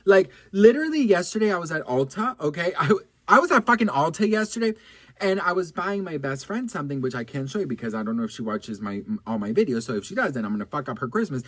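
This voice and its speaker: A man's voice: a little high, fast, dry recording. A man vlogging celebrity gossip, chatty and campy, cursing freely and rambling through restarts and asides. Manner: campy, gossipy and animated, with lots of swearing and "girl". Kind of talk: casual chatty storytelling to camera.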